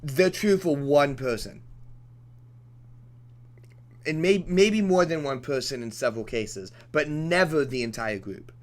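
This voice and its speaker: A man's voice: fairly high pitch, unhurried, pauses often. A young man streaming a game who goes off on a profane, rambling rant, restarting his sentences and laughing between points. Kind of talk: off-topic rant during a let's play.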